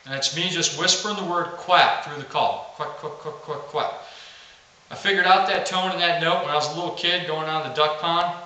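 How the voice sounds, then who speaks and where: A man's voice: on the high side, fairly even intonation, fairly quick, few pauses, sharp tone, heavy reverb, distant mic, rough recording. A man teaching the basics of duck calling in a plain, practical instructional video. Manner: plain, practical teaching, saying quack aloud to demonstrate.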